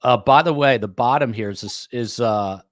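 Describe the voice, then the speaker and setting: A man's voice: medium pitch, moderate pace, no echo, clean studio sound. A man hosting a true crime podcast, with a New York accent, chatting loosely with guests and full of fillers. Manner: loose, rambling, many fillers. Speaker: podcast host. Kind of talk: casual interview chat.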